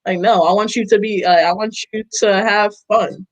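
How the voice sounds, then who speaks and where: A woman's voice: medium pitch, fairly even intonation, normal speed, dull audio. A young woman co-hosting a casual podcast chat, talking in an emphatic, profane way and laughing often. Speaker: podcast co-host.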